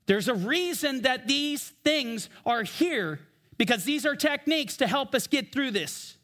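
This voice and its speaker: High-voiced man preaching a sermon. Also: expressive, sharp tone. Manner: emphatic, slows for scripture readings. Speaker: pastor. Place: church.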